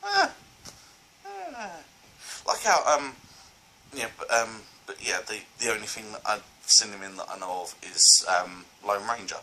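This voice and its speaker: A man enthusiastically chats through a casual film review on his vlog, rambling from one thought to the next with lots of fillers and restarts. His slightly low voice has a sharp, forceful edge while staying steady in tone at a moderate pace. The recording is rough, with a faint hiss behind him.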